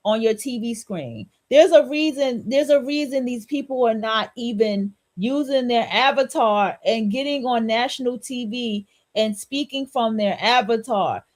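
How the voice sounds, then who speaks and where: A woman's voice: fairly high pitch, lively intonation, unhurried. A woman hosting a solo podcast, talking in a blunt, repetitive, preachy and profane way. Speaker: podcast host.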